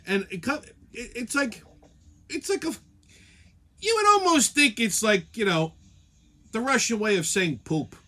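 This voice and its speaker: A man's voice: very high voice, animated, a little slow, pauses often, bright, forceful tone. A male show host delivering a comedic rant in a profane, sarcastic, rambling way.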